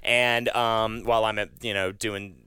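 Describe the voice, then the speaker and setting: A man's voice: lowish voice, level tone, measured pace, pushed and bright, clean tone, dry recording. A man hosting a casual comedy podcast, rambling with fillers and laughing often. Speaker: podcast host.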